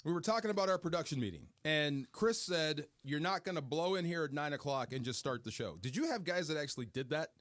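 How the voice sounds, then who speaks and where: Lively, animated male sports radio co-host. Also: on the high side, no room sound. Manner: animated, quick reactions and jokes. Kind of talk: casual sports radio chat. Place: radio studio.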